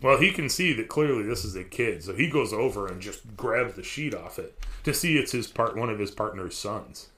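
A man's voice: fairly low pitch, expressive, normal speed, a bit bright. A man casually telling a spooky story on a podcast, rambling and profane, often restarting his sentences.

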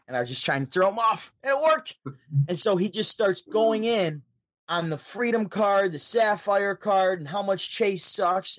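Man, upstate new york, animated storyteller, somewhat high voice, dry close sound. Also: dry recording. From Syracuse, New York. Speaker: podcast guest, DJ and show host. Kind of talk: casual storytelling over a call.

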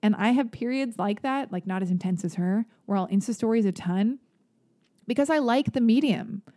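A woman with a mellow, warm voice hosts her own podcast, answering listener mail in a loose, rambling way. She is frank and swears casually, and her speech is full of fillers and asides. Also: fairly high pitch, moderate pace. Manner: candid, rambling, profane. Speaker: podcast host. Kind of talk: casual solo podcast, reading listener emails. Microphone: mic on a stand.

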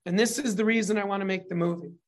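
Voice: medium pitch, rapid-fire. A speaker telling a long story in casual chat, swearing freely, acting out the people in it and breaking off to apologize. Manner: profane, animated storytelling with lots of quoted dialogue; apologetic asides mid-story.

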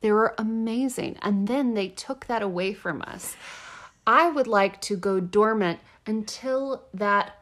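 A young adult woman co-hosting a podcast, playful and giggly, slowly reading quoted facts aloud. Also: medium pitch, a bit bright. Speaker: podcast co-host. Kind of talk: casual podcast chat.

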